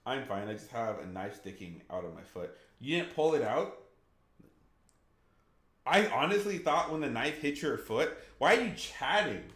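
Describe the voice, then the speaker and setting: A man's voice: medium pitch, big pitch swings, normal speed, fairly bright tone, roomy sound. A man streaming a game, chatting casually with viewers and reacting with laughs.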